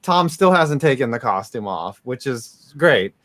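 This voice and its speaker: A man's voice: medium pitch, sing-song, measured pace, a bit bright. A man co-hosting a casual sports chat, teasing the others and joking between segments. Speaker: podcast co-host.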